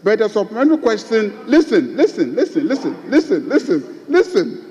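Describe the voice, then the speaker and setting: Lecturing high-voiced lawmaker. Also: male voice, big pitch swings, normal speed, dark tone, muffled recording. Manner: lecturing, repeats his point. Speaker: majority leader in parliament. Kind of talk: parliamentary debate. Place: large parliament chamber. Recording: long reverb of a large chamber.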